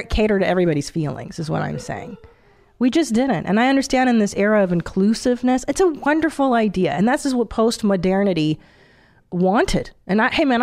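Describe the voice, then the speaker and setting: A woman in her forties hosting a podcast, chatting casually in a blunt, profane, animated way. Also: lowish voice. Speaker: podcast host. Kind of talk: casual chat.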